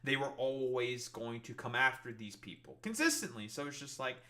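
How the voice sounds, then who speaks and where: A man's voice: mid-range voice, lively intonation, normal speed, sharp tone. A man streaming and ranting in casual reaction commentary, swearing and mocking other people's voices.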